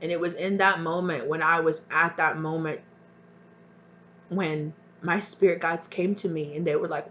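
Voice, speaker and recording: A woman's voice: low-pitched, fairly even intonation, moderate pace, a bit bright, lo-fi sound, slight background noise. A woman giving a pick-a-card tarot reading, talking earnestly and emotionally straight to her viewers with spiritual encouragement. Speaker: tarot reader.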